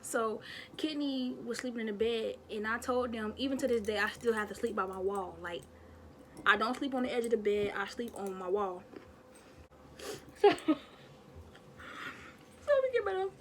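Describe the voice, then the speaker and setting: A young woman vlogger telling a childhood story in a chatty, animated way, talking straight to her viewers. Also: on the high side, moderate pace, slight background noise. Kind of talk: casual storytime.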